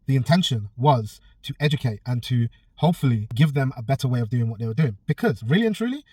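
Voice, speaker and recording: A man's voice: medium pitch, expressive, fast, mellow, husky, recorded from a distance. A man, a personal trainer telling a story in a casual vlog, blunt and swearing freely. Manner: blunt, swears a lot, acts out both sides of a quarrel.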